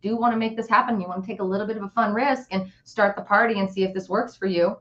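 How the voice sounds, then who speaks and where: A woman's voice: medium pitch, fairly even intonation, fast talker, highs cut off. A woman hosting a casual live real estate chat, blunt and jokey, reading out viewer questions. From Las Vegas area. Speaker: real estate agent, show host.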